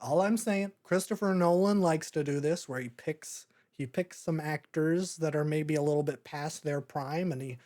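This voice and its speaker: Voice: medium pitch, moderate pace, few pauses, mellow. A podcast host talking through a movie in a casual, rambling way, often breaking into laughter. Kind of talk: casual movie review chat.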